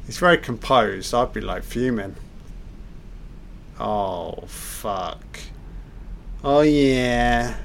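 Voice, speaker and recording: A man's voice: medium pitch, lively intonation, drawn-out words, creaky, pauses often, a little hiss or hum. A man giving a loose, off-the-cuff film commentary, reacting aloud and swearing at the scenes.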